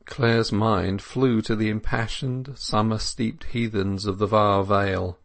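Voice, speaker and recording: A man narrating a classic novel as an audiobook in a measured, even reading. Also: fairly low pitch.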